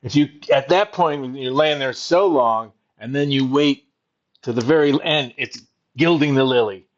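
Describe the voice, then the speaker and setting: A man's voice: mid-range voice, normal speed. A man who used to write wrestling shows, chatting casually in a laid-back way, swearing and laughing easily. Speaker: former wrestling writer, co-host. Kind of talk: casual chat. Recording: dull lo-fi sound.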